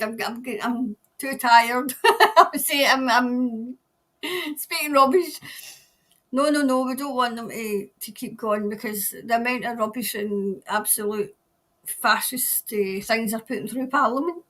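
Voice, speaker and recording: A woman's voice: on the high side, unhurried, sharp tone. A woman, hosting a casual live stream as a tarot reader, chatting and rambling as she answers viewer comments. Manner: chatty and rambling, laughs often, trails off mid-sentence.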